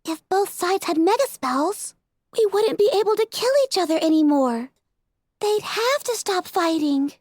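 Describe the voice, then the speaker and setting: A timid young pegasus mare with a meek, hesitant manner and a high, tearful edge to her speech, as a woman reads her. The sound is dry and close, as in a storybook reading. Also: animated, measured pace, darkish tone, no room sound. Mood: resolute. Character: timid gentle young female pegasus pony.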